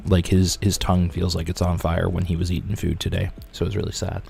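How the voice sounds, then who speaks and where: Low-voiced young guy hosting a livestream, chatty and excitable, snacking, soft music in the back. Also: fast talker, vocal fry. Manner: chatty, excitable, eating while talking. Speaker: livestream host. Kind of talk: casual live-stream chat.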